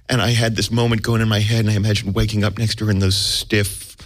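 A man's voice: on the low side, no echo. An American man, an actor, telling a comic story about himself in a wry, self-mocking way with vivid detail. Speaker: actor guest.

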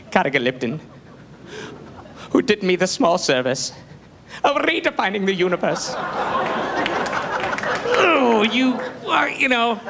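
A man's voice: high-pitched, creaky, background noise, heavily acted. A man impersonating a pompous, overly emotional older TV interviewer giving a theatrical thank-you speech. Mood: sentimental.

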